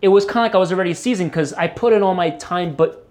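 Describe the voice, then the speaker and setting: A man's voice: sits high, quick pace, a little mellow. A man, a guitarist guest, talking loosely with many fillers and the odd curse. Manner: rambling, many fillers, swears. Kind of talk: casual interview talk.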